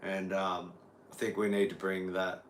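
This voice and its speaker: A middle-aged Australian man with a lowish voice chats loosely on a live stream. He rambles, drifts between thoughts and answers the viewers' chat as he goes. Faint noise sits under the recording. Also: completely flat delivery, unhurried. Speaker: guitar teacher streaming live. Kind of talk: casual livestream chat.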